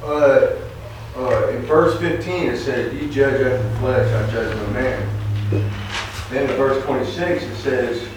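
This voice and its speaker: A man in a study group reads a couple of verses hesitantly before asking his question. He sits far from the microphone in a strongly echoing room, and clear background noise runs beneath him. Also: mid-range voice, measured pace.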